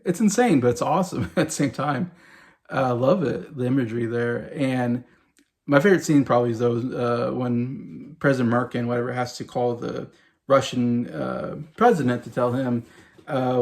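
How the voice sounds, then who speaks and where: A man's voice: medium pitch, fairly even intonation, moderate pace. A man in his forties giving a casual, enthusiastic film review in a rambling monologue full of fillers. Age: 40s. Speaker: movie review vlogger.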